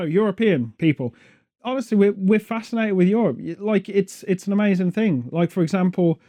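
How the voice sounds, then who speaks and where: A man's voice: a little high, mellow. A man hosting a podcast, rambling and joking sarcastically in casual chat. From Britain. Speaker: podcast host.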